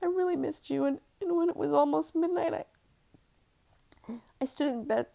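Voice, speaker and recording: A woman voicing an overwrought young mother who flares up into shrill outbursts, read from her own novel. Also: moderate pace, creaky, dark tone. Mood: dreamy.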